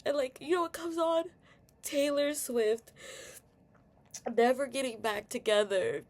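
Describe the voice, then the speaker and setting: A young adult woman vlogger vents candidly in a personal video rant full of fillers and swearing, at times tearful. Her voice is high-pitched and darkish in tone, and she speaks unhurriedly.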